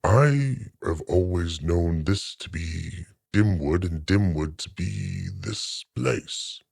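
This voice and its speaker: A man doing a slow gravelly tree-folk elder. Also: deep voice, darkish tone, no room sound, clean studio sound, exaggerated voice. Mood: solemn. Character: slow, ancient tree-folk villager of a forest city.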